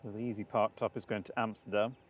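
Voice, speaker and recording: A man co-hosting a live stream in casual commentary, relaxed and making jokey remarks. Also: lowish voice, fast talker.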